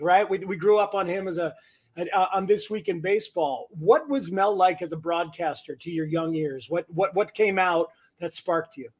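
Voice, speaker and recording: A man's voice: high voice, normal speed. A man hosting an interview, chatty and filler-heavy as he asks questions. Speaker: interview host. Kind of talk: conversational interview.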